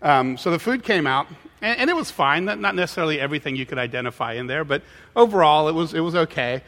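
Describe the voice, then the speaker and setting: Man, pastor, lively storytelling sermon, stumbling restarts, bright voice, echoing hall. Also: on the high side. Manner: animated storytelling, halting restarts. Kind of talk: sermon with personal anecdote. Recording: hall with long reverb.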